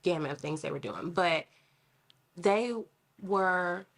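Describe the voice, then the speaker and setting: A woman in casual podcast chat, telling lively stories about her children and acting out what was said. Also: on the low side, slow, vocal fry. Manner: animated storyteller, acts out quotes. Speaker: mother on a podcast.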